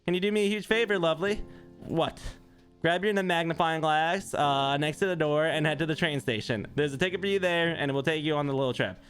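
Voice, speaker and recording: A man's voice: fairly high pitch, a little fast, a bit bright, faint music behind, lightly acted. A man voicing a chirpy female supervisor in a game, in a cutesy raised voice. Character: chirpy woman supervisor on the phone, bubbly and bossy.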